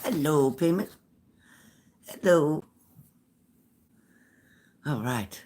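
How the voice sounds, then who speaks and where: A woman's voice: low voice, lively intonation, extremely slow, darkish tone, a little hiss or hum. A woman hosting a live psychic reading stream, chatting casually and greeting viewers by name.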